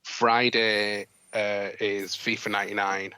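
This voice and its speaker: Yorkshire man, podcast co-host, low, bright, even delivery. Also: clean tone, no room sound, low-quality recording. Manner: relaxed, a little halting, repeats words. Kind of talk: casual podcast chat.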